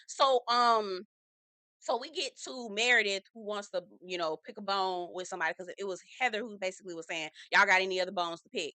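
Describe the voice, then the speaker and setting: Sassy woman with a bright, dry voice. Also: medium pitch, a little fast, no echo. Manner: sassy, animated, says "girl" often. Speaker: reality TV recap host. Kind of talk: casual recap commentary.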